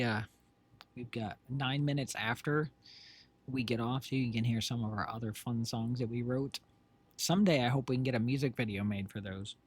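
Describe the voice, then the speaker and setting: Husky-voiced man chatting on a stream. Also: medium pitch. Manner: rambling, chatty, self-correcting with many fillers. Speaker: stream co-host and creator. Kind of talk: casual livestream chat to viewers. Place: home streaming setup. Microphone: desk microphone with headphones.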